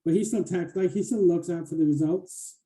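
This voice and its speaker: A man's voice: high-pitched, a little fast, dark tone, poor audio. A middle-aged man hosting a podcast, chatting casually and making wry, dry remarks. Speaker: podcast host. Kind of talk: casual chat.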